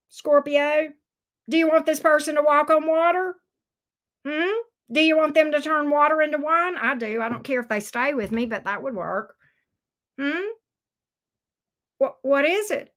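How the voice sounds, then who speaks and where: A woman's voice: sits high, measured pace, long pauses, a bit bright. A middle-aged woman giving a casual tarot reading, teasing and talking straight to the viewer in a sassy way. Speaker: tarot reader.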